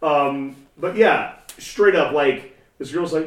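A man's voice: medium pitch, moderate pace, hardly any pauses, distant mic. A man co-hosting a podcast, talking bluntly and with lots of swearing in casual chat. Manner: blunt, profane, emphatic. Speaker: podcast co-host. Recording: roomy, from off mic.

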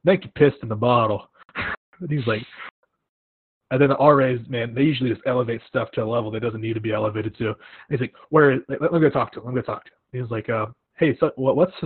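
A young man with a slightly husky voice hosts a casual chat, telling stories with acted-out quotes. The sound is thin and phone-like, close and dry. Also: mid-range voice, fast talker, no echo. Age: young adult. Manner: animated storytelling with acted-out quotes. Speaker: podcast host. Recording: tinny phone-like line, dry.

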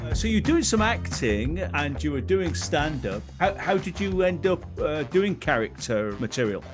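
Interview host with faint music behind. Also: male voice, a little high, big pitch swings, moderate pace. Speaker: podcast host. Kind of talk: conversational interview.

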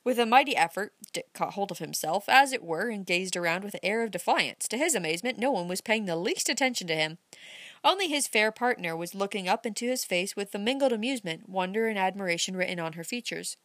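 A woman narrating a novel aloud in an expressive, measured storytelling manner. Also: medium pitch, dry recording. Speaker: audiobook narrator. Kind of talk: scripted narration.

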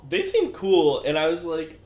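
A man's voice: fairly high pitch, wildly swooping pitch, moderate pace, a little mellow, echoey room, a little hiss or hum. A young man co-hosting a podcast, telling stories in a laid-back, swearing way and laughing often. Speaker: podcast co-host. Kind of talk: casual chat.

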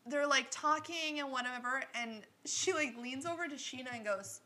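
A woman chatting casually about a reality show, animated, swearing freely and acting out quotes. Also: sits high, moderate pace.

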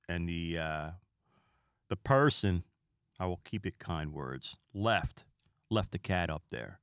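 Low-voiced man telling rambling stories. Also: animated, slow, pauses often, fairly bright tone, smooth, no echo, clean studio sound. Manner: rambling, chatty, with asides to listeners. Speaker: podcast host. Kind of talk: casual comedic storytelling.

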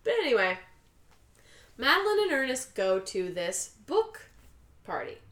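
A woman's voice: high voice, big pitch swings, a little slow, fairly bright tone, reverberant. A woman co-hosting a casual chat, retelling a story and acting out the characters' lines. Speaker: podcast co-host recapping a film.

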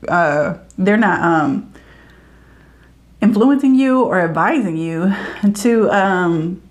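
A woman's voice: lowish voice, lively intonation, takes it slowly. A woman in casual chat about faith, earnest and playful, retelling scripture stories with little put-on voices.

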